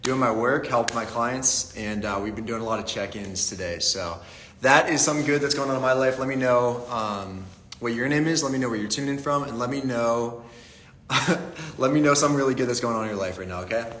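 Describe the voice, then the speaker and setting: Young guy hosting a live q&a, hyped, shouting out viewers, echoey room. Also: mid-range voice, fairly quick. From Pittsburgh, USA. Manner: upbeat, greets viewers by name. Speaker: livestream Q&A host. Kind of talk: casual live-stream chat. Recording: echoey room with long reverb.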